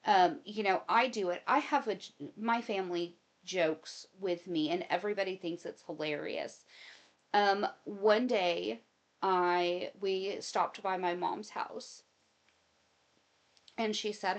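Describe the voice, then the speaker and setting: A woman's voice: medium pitch, normal speed. A woman hosting casual commentary, giving opinions and telling long personal anecdotes. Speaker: commentary host.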